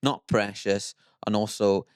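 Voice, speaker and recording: A man's voice: fairly low pitch, steady tone, unhurried, clear, resonant tone, no echo. A man, a comedian co-hosting a podcast, making emphatic, sweary points in casual banter.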